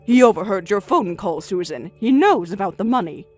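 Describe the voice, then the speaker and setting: A woman voices a calm, firm older grandmother in a narrated story, speaking in a measured, steady way over faint music. Her voice is natural and medium in pitch.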